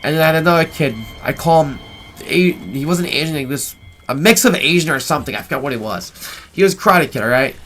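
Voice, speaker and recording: While gameplay runs, a gaming host rattles off a long, casual, swear-laden story at a quick clip, again and again tacking on "right?" He sounds animated, with a highish, fairly bright voice.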